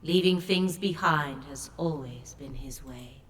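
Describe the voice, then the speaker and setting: An actress voicing a grave, ancient sea goddess in a video game, speaking in a solemn, measured, commanding way. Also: female voice, deep voice. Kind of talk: game voice acting.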